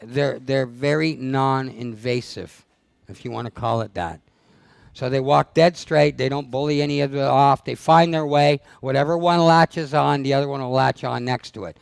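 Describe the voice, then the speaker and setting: A man's voice: medium pitch, gravelly, smooth, no room sound. A man leading a dog training seminar, blunt and teasing as he fires questions at his audience. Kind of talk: live seminar talk to an audience. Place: seminar room.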